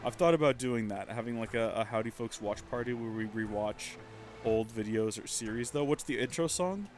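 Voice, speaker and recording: A man's voice: medium pitch, a little fast, a little hiss or hum. Chatty rambling streamer guy. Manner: chatty, rambling, self-mocking. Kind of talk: casual let's-play commentary.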